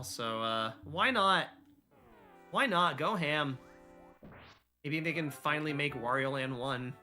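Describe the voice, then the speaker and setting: Bright-voiced, excitable male game streamer. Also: a little high. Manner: excitable and jokey, reading chat aloud. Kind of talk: casual live-stream chat while gaming.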